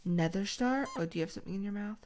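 A woman hosting a gaming channel, giving soft whispered ASMR commentary as she plays and chats to the game's animals. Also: medium pitch, racing, noisy background. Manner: soft whispering, chatty asides to the game animals.

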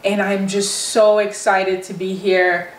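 A woman talking in a casual travel vlog, effusive and emphatic, repeating how excited and grateful she feels. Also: mid-range voice, slow, reverberant, poor audio. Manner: gushing, effusive, emphatic repetition. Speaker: travel vlogger. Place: hotel resort room. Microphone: phone held while walking.

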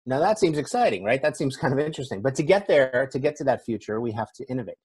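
Husky man giving a conversational keynote. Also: mid-range voice, sing-song, fast talker, darkish tone. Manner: conversational, self-deprecating, with fillers. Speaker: conference speaker. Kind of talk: conference keynote talk. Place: event stage.

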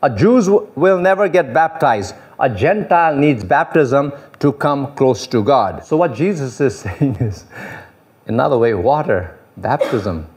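A man preaching a sermon as pastor, animated and repetitive, often chuckling and acting out the voices of others. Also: medium pitch, measured pace. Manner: repeats phrases and uses you know as filler.

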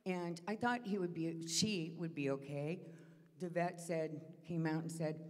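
A lower-voiced woman tells her story to the congregation from the front of a church. Her telling is emotional and halting, full of restarts. Her voice carries a long reverb from the hall. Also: darkish tone. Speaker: church member giving testimony. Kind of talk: personal testimony in church. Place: church sanctuary.

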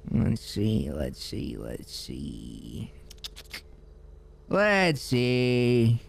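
Male streamer playing a crude old-timer, slow drawl, swooping pitch. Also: huge pitch swings, vocal fry, breathy edge. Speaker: streamer roleplaying an elderly character. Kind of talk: in-character roleplay gaming stream.

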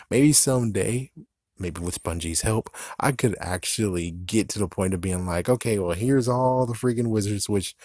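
A young man casually vlogging as a fan channel host, rambling excitably with swearing and frustrated outbursts. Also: fairly low pitch, no room sound, studio quality. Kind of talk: casual ranting vlog.

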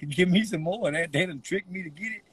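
A man's voice: high voice, fast, breathy edge, poor audio. Giggling stoned man, laughing between words. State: high, teary-eyed from laughing. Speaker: vlogger. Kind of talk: rambling stoned chat to camera.

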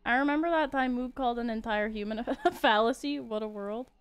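Giggly high-voiced woman streamer. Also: fairly quick, clear, resonant tone. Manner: giggly, playful, chats with viewers. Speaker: game streamer. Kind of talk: casual gaming commentary.

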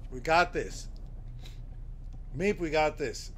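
A man's voice: a little high, takes it slowly, a little hiss or hum. A man commentating live on a horror game, talking to his chat and yelping at scares. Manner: jumpy, talks to chat, yelps at scares. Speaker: game streamer.

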